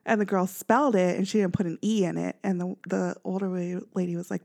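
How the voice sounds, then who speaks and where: A woman from Missouri in casual chat as a podcast co-host, lively and full of fillers and laughter. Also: fairly low pitch, a little fast, gravelly. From Missouri, US Midwest. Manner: lively, animated, laughs often, many fillers.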